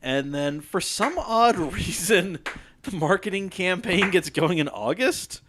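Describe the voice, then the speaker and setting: A man's voice: sits high, expressive, a little slow, fairly bright tone, slight background noise. A man hosting a podcast in casual chat with friends, laughing often and swearing freely. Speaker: podcast host. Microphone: studio microphone.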